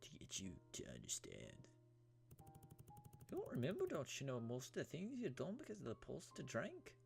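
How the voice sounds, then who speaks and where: A man's voice: medium pitch, wildly swooping pitch, moderate pace, gravelly, a little mellow, faint music behind, pitched above the performer's own voice. A man voicing a mysterious, knowing woman in a game, with a theatrical, lilting delivery and a wavering British Isles lilt. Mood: knowing, teasing.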